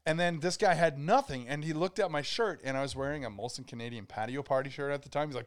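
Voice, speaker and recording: A man's voice: a little high, fast talker, hardly any pauses, slight background noise. A man co-hosting a podcast, telling casual anecdotes full of swearing and acted-out quotes. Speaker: podcast co-host. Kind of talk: casual storytelling chat.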